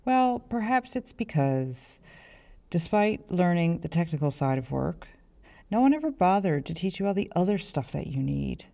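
A woman hosts a professional development podcast in a low, mellow voice with a gravelly edge. She talks in a chatty, self-deprecating way, stopping and restarting as she goes. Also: big pitch swings, moderate pace. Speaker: podcast host.

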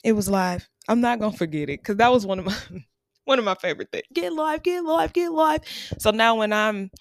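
A woman in her thirties hosts her own show and tells stories casually, laughing often and drawing out her repeats. Her voice sits at a medium pitch and sounds close and dry. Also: fairly quick, no room sound. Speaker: podcast host and teacher. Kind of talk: casual storytelling monologue.

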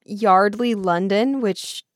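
A young woman co-hosting a podcast, chatting casually and telling animated stories, quick to call herself silly. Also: mid-range voice, no room sound, clean studio sound. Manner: animated storyteller, self-deprecating. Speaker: podcast co-host. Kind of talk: casual chat reviewing products.

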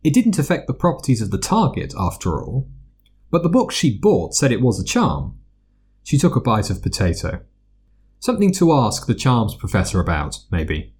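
A man narrating a story aloud, expressive and doing voices for the characters. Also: mid-range voice, moderate pace, husky. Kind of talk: fan fiction reading.

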